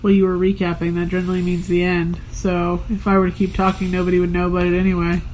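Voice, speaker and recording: A woman co-hosting a casual late-night podcast, answering with dry, deadpan retorts. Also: fairly low pitch, quick pace, a little hiss or hum, poor audio. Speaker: podcast co-host.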